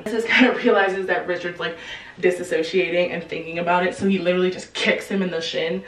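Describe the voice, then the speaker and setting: A woman's voice: lowish voice, fairly even intonation, quick pace. A young woman in her twenties casually retelling a novel's plot in a chatty, slang-filled way. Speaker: book channel host. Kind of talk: casual book summary storytelling. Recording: roomy, distant from the mic.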